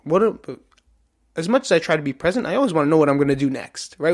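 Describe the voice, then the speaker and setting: A man's voice: on the high side, animated, quick pace. A man hosting a podcast, talking candidly and profanely in a self-questioning motivational monologue to the camera. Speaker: podcast host. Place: in front of a camera.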